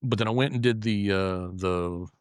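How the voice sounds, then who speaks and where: Lower-voiced man, profane and halting. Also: clear, resonant tone, no echo, studio quality. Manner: heavy swearing, frequent restarts and repeated words. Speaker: interview guest, law enforcement officer. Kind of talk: casual interview storytelling.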